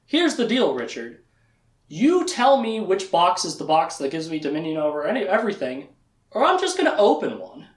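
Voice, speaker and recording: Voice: medium pitch, huge pitch swings, moderate pace, roomy sound. A speaker retelling a fantasy novel, voicing a scheming, powerful male wizard tyrant in a smug, bargaining tone.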